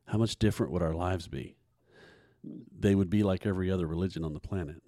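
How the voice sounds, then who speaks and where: Earnest man, low voice. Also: quick pace, mellow, no room sound, clean studio sound. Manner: earnest, preachy, stumbles and repeats words. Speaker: podcast host. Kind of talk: casual faith podcast talk.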